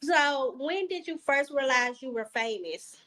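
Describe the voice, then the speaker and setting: A woman hosting a casual interview, asking questions and tossing in quick affirmations and asides. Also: sits high, expressive, fairly bright tone. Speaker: interview host.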